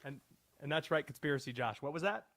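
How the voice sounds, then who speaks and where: A man hosting a sports talk radio show, speaking in a measured, emphatic way and putting questions to his co-host. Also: fairly high pitch, animated, a bit bright.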